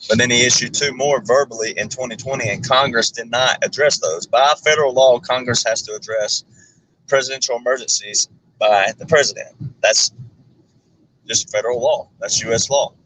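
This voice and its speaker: A man's voice: medium pitch, normal speed, pushed and bright, slight background noise, rough recording. An American man, a guest speaking from inside a car, earnestly lecturing and piling up legal references. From United States. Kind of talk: earnest explanation.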